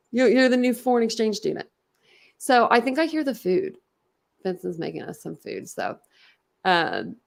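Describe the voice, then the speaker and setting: A woman's voice: mid-range voice, creaky. A woman hosting a casual true crime livestream from home, chatting and answering viewers' comments.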